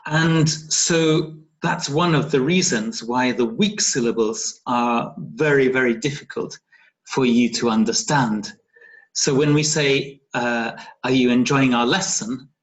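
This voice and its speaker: A man with a medium-pitched voice teaches phonetics online at a slow pace, an English teacher who patiently checks in with a questioning "yeah?". The sound comes through a video call, dull and lo-fi.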